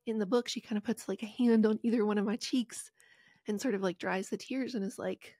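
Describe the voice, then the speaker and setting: A middle-aged woman from rural West Virginia speaks as a podcast guest, reflective and heartfelt, with sighs as she tells her story. Her voice sits at an everyday pitch for a woman. The recording is dry and close, with no room sound. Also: steady tone, fairly quick, warm tone, dry recording. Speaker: guest author.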